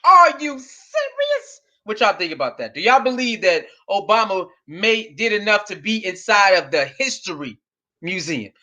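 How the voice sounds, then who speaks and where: A man's voice: high voice, lively intonation, normal speed, sharp tone. A man hosting a live stream, giving casual reaction commentary and reading chat aloud, laughing often and repeating his phrases.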